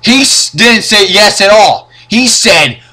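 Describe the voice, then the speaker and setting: A man's voice: sits high, animated, slow, sharp tone, a little hiss or hum. A young man giving a casual, profane, sarcastic rant reviewing old wrestling matches.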